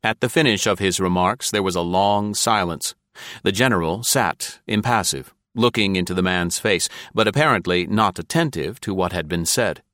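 Brief: male audiobook narrator, low voice, dry close recording, steady deliberate pacing. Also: no room sound. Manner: even, deliberate storytelling.

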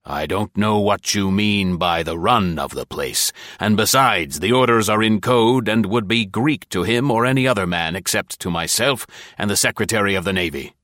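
A gruff old navy admiral, stern and emphatic, as a male narrator puts him on. The voice sits very low, and the recording is dry and close. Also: moderate pace, fairly bright tone, no echo, close to an everyday voice.

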